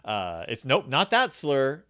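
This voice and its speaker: A man's voice: mid-range voice, clean tone. A man in casual conversation about a novel, laughing often and briefly acting out the characters. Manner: animated, laughing often, acts out characters in quick voices. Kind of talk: casual book discussion.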